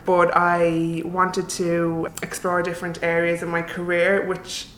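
A woman in her thirties speaks with a Dublin Irish accent in a slightly low voice. She chats loosely and laughs easily as she answers. Her voice rings with a roomy echo. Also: a little slow, a little hiss or hum. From Ireland. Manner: relaxed, chatty, laughs easily. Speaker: guest. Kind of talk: casual interview chat. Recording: roomy echoey sound.

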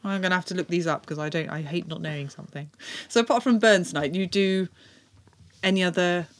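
A woman hosting a casual interview, asking quick, curious questions and laughing often. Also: on the low side. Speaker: host.

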